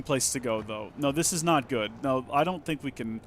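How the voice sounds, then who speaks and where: A man's voice: medium pitch, moderate pace, a little hiss or hum. A man streaming a video game, chatting casually and playfully to himself and his viewers. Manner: playful, talks to himself and the game, jokey asides. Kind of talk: casual let's play commentary.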